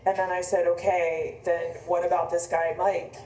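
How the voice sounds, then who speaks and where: A woman's voice: medium pitch, fairly quick, a little mellow. A woman in her fifties, an author, telling a personal story in a rambling, conversational way with frequent restarts. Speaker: author on book tour. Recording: echoey room, mic from a distance.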